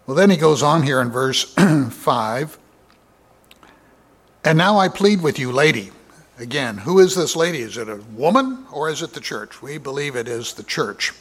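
A man preaching a Bible study sermon, reading scripture aloud in a measured way with many fillers and rising for emphasis. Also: medium pitch, expressive, slightly rough. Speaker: pastor.

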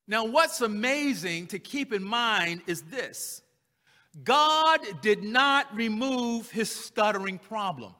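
A man's voice: high-pitched, animated, takes it slowly, bright, forceful tone, big-room sound. A man preaching a sermon, emphatic, acting out the voices of the figures in the scripture he reads. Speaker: pastor.

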